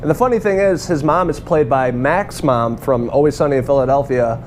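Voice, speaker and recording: A man's voice: medium pitch, brisk, slight background noise. A man giving a casual, rambling movie review, swearing freely and laughing now and then. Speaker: film reviewer.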